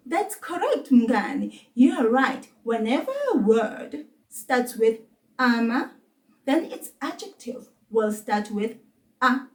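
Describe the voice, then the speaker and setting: A woman with a South African accent teaching a children's language lesson, encouraging and patient, saying words slowly for kids to repeat. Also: on the high side, lively intonation, reverberant, far from the mic.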